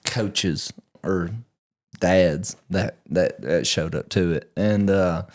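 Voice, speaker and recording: Rambling low-voiced dad telling stories. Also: male voice, slow. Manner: rambling, stammering storyteller. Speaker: podcast co-host. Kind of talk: casual chat.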